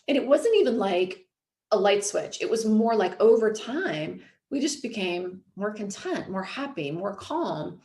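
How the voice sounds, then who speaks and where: A woman's voice: medium pitch, big pitch swings, unhurried, a little mellow, reverberant. A woman in her thirties, host and coach, talking casually and filling her speech with "like" and "you know". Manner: chatty, frequent "like" and "you know". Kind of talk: casual podcast talk.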